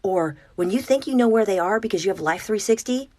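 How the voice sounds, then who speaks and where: Sarcastic woman with lively pitch. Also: brisk, no room sound, studio quality. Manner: sarcastic, exasperated, dips into whispers. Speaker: parent giving advice. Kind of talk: direct-to-camera opinion monologue.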